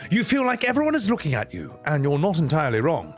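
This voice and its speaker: A man's voice: fairly high pitch, wildly swooping pitch, fast talker, hardly any pauses, faint music behind. A man playfully reading a visual novel aloud, adding wry asides as he plays. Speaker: gaming streamer.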